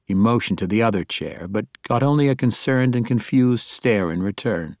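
Low-voiced male audiobook narrator. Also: lively intonation, normal speed, darkish tone, dry recording, clean studio sound.

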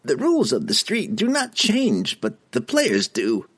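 A man voicing a small male halfling informant with a squeaky voice, wary and careful with every word, in an audiobook reading. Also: wildly swooping pitch, unhurried, a bit bright, slightly rough, exaggerated voice.

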